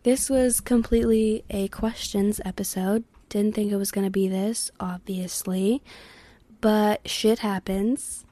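A woman's voice: medium pitch, steady tone, measured pace, dark tone, no echo. A young woman hosting a solo podcast, talking candidly and rambling, swearing freely and sometimes dropping to a whisper. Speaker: podcast host. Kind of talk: casual solo podcast chat.

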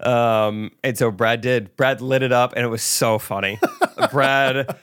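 A man's voice: mid-range voice, steady tone, measured pace, a bit bright, clear, resonant tone. Laid-back, teasing male podcast co-host. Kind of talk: casual chat.

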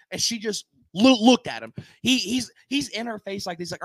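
A fairly high-voiced man co-hosting a sports podcast, his pitch leaping around as he tells stories. He laughs often and acts out what other people said. The sound is dry and close. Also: fairly quick, few pauses, dry recording. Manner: animated storyteller, laughs often, acts out quotes. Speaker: podcast co-host. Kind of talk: casual sports podcast chat.

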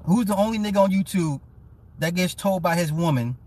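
A man's voice: sits high, a little fast, a little mellow. A man casually ranting to his live chat, teasing and profane, laughing often as he mocks someone. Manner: mocking, petty storytelling. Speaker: live-stream commentator.

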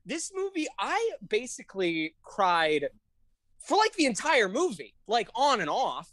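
A woman co-hosting a podcast in casual chat, gushing and excitable, often laughing and swearing. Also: a little high, a little slow, dry recording, clean studio sound. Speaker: podcast co-host.

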